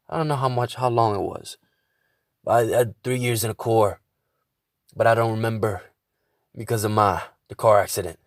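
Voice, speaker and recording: A man's voice: mid-range voice, no echo, studio quality. A man hosting his own podcast, venting in a casual monologue with a lot of swearing and stumbling restarts. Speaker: podcast host.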